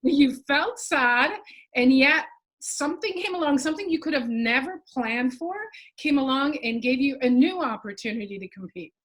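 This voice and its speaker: High-voiced woman interview host. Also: lively intonation, normal speed. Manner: affirming, summarizes the guest's points.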